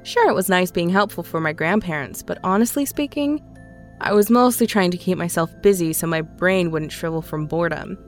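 A woman calmly narrating a scripted horror story in a measured storytelling voice. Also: on the low side. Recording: faint music underneath.

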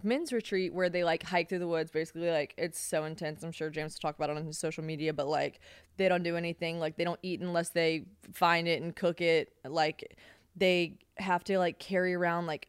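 A woman's voice: lowish voice, clean tone, no room sound, studio quality. A young woman hosting a podcast, chatting casually and frankly with lots of fillers and swearing, a bit hungover. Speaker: podcast host. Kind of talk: casual solo podcast chat.

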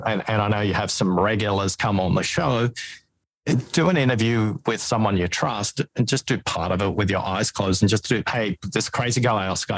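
A man's voice: lowish voice, dry recording, rough recording. A man speaking as a guest in an interview over a video call, explaining his ideas step by step in lists. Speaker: podcast guest and author on listening. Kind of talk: interview conversation.

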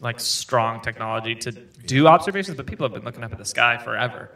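A man talking through a space story in easy podcast chatter, with plenty of ums and uhs. His voice sounds bright and a little tense. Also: mid-range voice, fast, gravelly. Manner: explains science loosely, with fillers and laughs. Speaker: podcast co-host. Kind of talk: casual chat.

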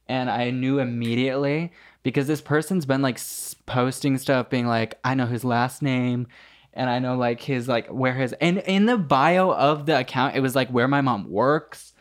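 A man's voice: mid-range voice, moderate pace. A man co-hosting a podcast, telling a story in loose, filler-heavy casual chat. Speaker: podcast co-host.

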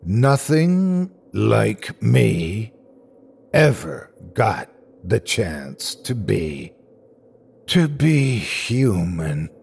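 A man voicing a hoarse, taunting male monster in a horror audiobook, hissing in slow, halting, clipped phrases. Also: fairly low pitch, very animated, a little mellow, exaggerated voice. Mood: menacing taunt. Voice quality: hoarse, rasping wheeze.

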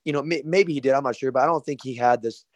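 A man calling in to a sports radio show, talking in halting, restarting bursts. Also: medium pitch, dry recording. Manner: halting, full of restarts and fillers. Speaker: caller. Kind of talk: casual call-in chat.

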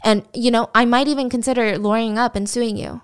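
A man's voice: very high voice, fairly even intonation, fast talker, a bit bright, clean tone. A woman voicing a defensive young man who plays the victim, speaking in a self-pitying, aggrieved way.

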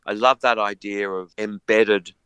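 A man's voice: on the low side, steady tone, measured pace, bright, forceful tone, smooth, dry recording, dull audio. An Australian man in his sixties, telling rambling anecdotes in a casual interview and slipping into mocking voices. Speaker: interview guest, musician.

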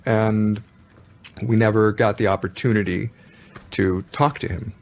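A man as a musician guest in an interview, telling his stories in a thoughtful, measured way. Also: fairly low pitch, steady tone, a little mellow. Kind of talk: casual interview chat.

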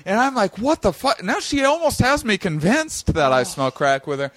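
Man, fairly high voice, casual storytelling, animated, dry close sound. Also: moderate pace, no room sound. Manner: animated, swings to high excited tones when quoting. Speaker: podcast guest telling a story.

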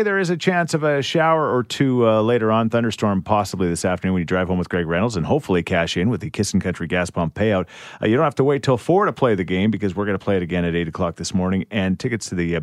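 Male radio host, low-ish voice, chatty and upbeat, dry studio mic. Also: lively intonation, fast, dry recording. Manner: enthusiastic, chatty, reads out phone numbers and promos. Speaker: radio morning show host. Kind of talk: casual radio banter. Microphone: studio microphone.

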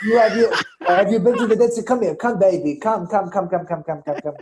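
A man's voice: high voice, a little fast, noisy background, natural voice. A man putting on an Israeli accent, voicing a pushy male mall kiosk salesman with aggressive, coaxing patter.

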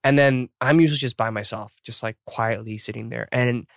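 A man's voice: mid-range voice, fairly even intonation, a little fast, vocal fry, no room sound. Thirties male podcast host, loose rambling chat, fillers galore, dry close sound. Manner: rambling, filler-heavy, laughs at himself.

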